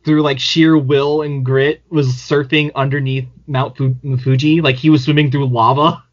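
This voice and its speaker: A man of middle pitch talks loosely on a podcast, circling with fillers and frequent laughs. The sound is dull and lo-fi. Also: level tone, normal speed. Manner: rambling, many fillers, laughs often. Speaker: podcast co-host. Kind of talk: casual podcast chat. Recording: dull lo-fi audio.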